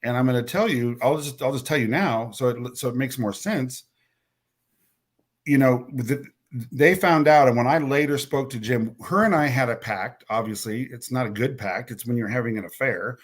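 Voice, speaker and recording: A man with a medium-pitched voice and moderate pace tells a personal story as a podcast guest, blunt and occasionally swearing. He stumbles over and repeats words and acts out what others said as quoted dialogue.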